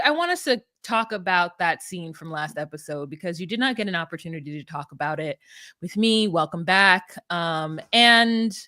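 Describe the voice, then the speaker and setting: A woman's voice: medium pitch, bright, forceful tone, dry recording, clean studio sound. A woman co-hosting a podcast, recapping reality TV in a playful, theatrical, casual chat over a home mic. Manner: playful, theatrical, quick asides. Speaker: podcast co-host.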